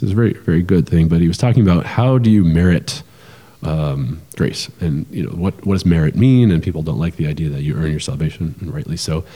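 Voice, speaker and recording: Deep-voiced man explaining, roomy reverb. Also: breathy edge. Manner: animated, explanatory, with frequent fillers and restarts. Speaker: podcast co-host. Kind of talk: casual conversational podcast talk.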